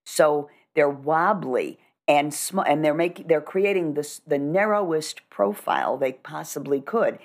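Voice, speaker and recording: A middle-aged communication coach with a low, grounded voice explains how to speak with presence in a conversational podcast interview. Calm, measured and assured, she teaches instructively and demonstrates voice techniques.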